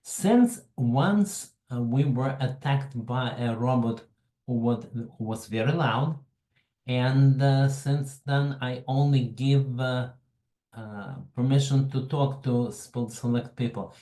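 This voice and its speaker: A man with a Russian accent hosts a webinar over a computer mic. He talks slowly and haltingly, with a mellow, relaxed tone, in an echoey room. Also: mid-range voice. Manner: slow, halting, greets attendees by name. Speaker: webinar host. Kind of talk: casual online presentation.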